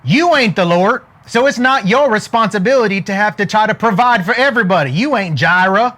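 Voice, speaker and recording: A man's voice: sits high, expressive, fairly quick, sharp tone, full character voice. A man voicing a sweet elderly Cajun woman therapist, folksy and plain-spoken, calling him honey. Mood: gently firm.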